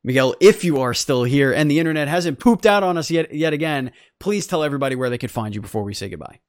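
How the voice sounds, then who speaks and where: A man's voice: fairly high pitch, expressive, fast, no echo, studio quality. A man hosting a podcast, giving an earnest, rambling sign-off full of restarts and fillers. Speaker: podcast host. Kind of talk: casual sign-off chat.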